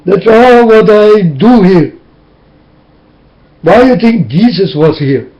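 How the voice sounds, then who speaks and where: A high-voiced man whose first language is Dutch pleads slowly and with emotion, his talk drifting into preaching. He speaks into a webcam, and the sound comes through dull and lo-fi. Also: lively intonation. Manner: impassioned, tearful, repetitive preaching. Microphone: webcam mic.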